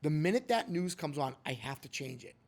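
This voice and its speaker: A man's voice: a little high, animated, brisk, darkish tone. A man hosting a podcast, talking casually and emphatically, often calling his co-host by name.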